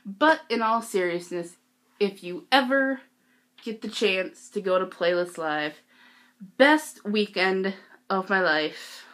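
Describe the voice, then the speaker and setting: A teenage girl vlogging, telling a story casually, giggly and excitable with lots of "like". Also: medium pitch, slow pace.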